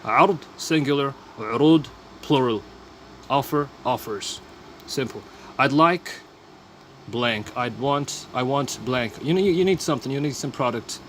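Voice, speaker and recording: A man's voice: mid-range voice, animated, normal speed, fairly bright tone, slight background noise. A man teaching vocabulary in a casual lesson, repeating each phrase and explaining the words plainly. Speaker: language teacher.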